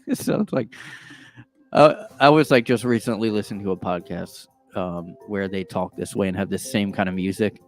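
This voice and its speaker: A man's voice: on the low side, normal speed, soft background music. A man hosting a solo podcast from his own room, rambling through casual commentary in a sarcastic tone with lots of filler words. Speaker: podcast host.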